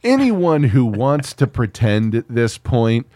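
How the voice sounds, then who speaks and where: A man's voice: medium pitch, very animated, takes it slowly, darkish tone, no echo. A man co-hosting a podcast in a casual chat, sarcastic and profane, often laughing. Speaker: podcast co-host.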